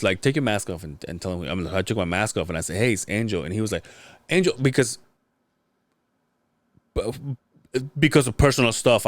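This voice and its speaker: Low-voiced man telling a rambling story. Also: no room sound. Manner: rambling storytelling with many restarts. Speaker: podcast host. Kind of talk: casual podcast chat.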